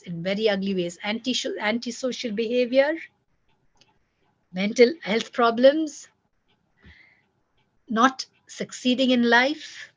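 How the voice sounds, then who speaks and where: A woman giving parenting advice, emphatic and repetitive, acting out children's words as she teaches. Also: a little high. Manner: emphatic, repeats key points, acts out children's lines. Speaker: parenting coach. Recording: dull lo-fi recording.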